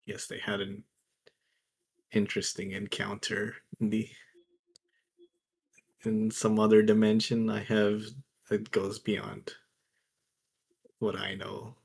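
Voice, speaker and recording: A man playing his character in a tabletop game, speaking hesitantly with halting restarts. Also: fairly low pitch, monotone, gravelly, darkish tone, breathy edge. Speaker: player.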